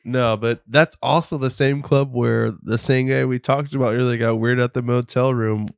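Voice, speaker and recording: Animated storyteller man, dry close mic. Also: medium pitch, normal speed, vocal fry, clean tone, no echo. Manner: animated, mimics voices in stories. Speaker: podcast co-host. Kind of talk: casual storytelling chat.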